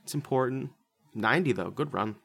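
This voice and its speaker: Guy hosting a movie podcast, joking around and swearing, mid-pitched, casual banter. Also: fairly quick, vocal fry, fairly bright tone, slightly rough. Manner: crude, joking, offhand. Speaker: podcast host.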